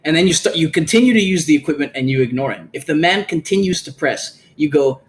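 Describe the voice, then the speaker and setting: A man's voice: on the high side, fast talker, few pauses. A man hosting a podcast, chatting casually and animatedly, swearing freely and acting out the lines of people in his stories. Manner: animated, profane, acts out quoted lines. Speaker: podcast host.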